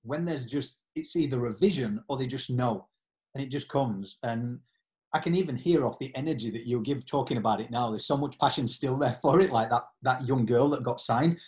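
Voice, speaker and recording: Interviewer, mid-pitched voice, soft and encouraging, conversational questions.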